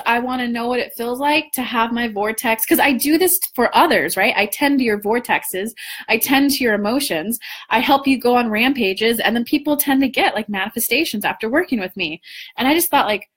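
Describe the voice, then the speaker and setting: A young woman coaching on manifesting, chatting casually in a live stream, animated with lots of restarts and the odd swear. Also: a little high, a little fast, slightly rough. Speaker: law of attraction coach.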